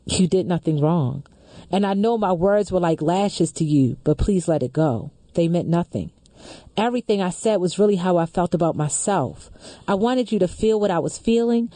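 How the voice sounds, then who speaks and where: Female talk host, mellow tone, close and dry, earnest measured reader. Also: lowish voice, lively intonation, dry recording. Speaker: radio show host. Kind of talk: reading a letter aloud, then discussion.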